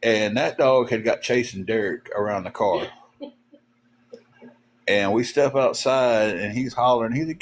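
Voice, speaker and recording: A man hosting a livestream, telling stories in a rambling, halting way with lots of fillers. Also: mid-range voice. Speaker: livestream host. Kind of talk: casual storytelling chat.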